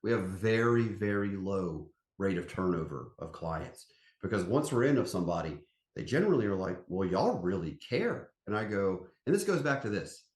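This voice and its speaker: A man with a drawl talks as an interview guest, folksy and emphatic, his pitch swinging widely as he tells his stories. His voice carries a noticeable room echo. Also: fairly quick. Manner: animated storyteller, folksy and emphatic. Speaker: company CEO, podcast guest. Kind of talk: casual interview chat. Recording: roomy echo.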